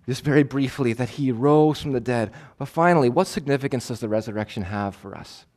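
A male preacher delivering a sermon, emphatic and measured, repeating key phrases for weight. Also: medium pitch, a little mellow. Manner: measured, stretches words for stress.

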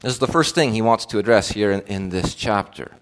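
A man's voice: on the low side, brisk. A male pastor preaching a sermon in an earnest, questioning way, with frequent fillers and restarts.

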